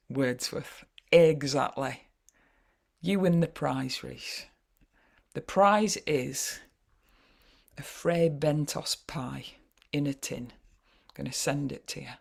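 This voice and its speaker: A woman with a Yorkshire accent leading an online poetry workshop over a video call, chatty and wry, often pausing with "uh". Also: low voice, expressive, gravelly, breathy edge. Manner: chatty, wry, frequent hesitations.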